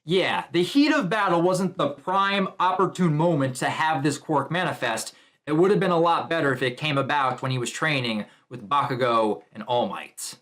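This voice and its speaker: A man's voice: a little high, lively intonation, moderate pace, a bit bright. Man chatting through a comic chapter. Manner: casual, chatty, narrates panels. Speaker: manga reaction YouTuber. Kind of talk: casual commentary, reading a comic aloud.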